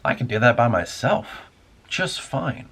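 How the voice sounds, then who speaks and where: A man's voice: medium pitch, very animated, measured pace, creaky, background noise. A man hosting a casual spoken monologue, rambling and musing aloud with plenty of swearing. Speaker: podcast host.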